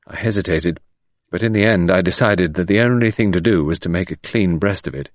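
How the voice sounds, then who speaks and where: A man reading a mystery novel aloud in a measured, expressive voice. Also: low voice, no echo, clean studio sound. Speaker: audiobook narrator. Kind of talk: scripted narration of a mystery novel.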